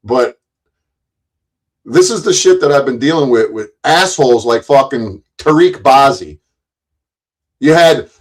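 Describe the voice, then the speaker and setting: A man's voice: mid-range voice, low-quality recording. A man hosting a live stream, ranting angrily with lots of cursing and rambling restarts.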